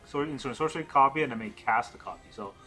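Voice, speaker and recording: A man's voice: mid-range voice, quick pace, bright, forceful tone, faint music behind. A man thinking aloud as he plays a digital card game, counting cards and questioning his own moves. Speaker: gameplay streamer.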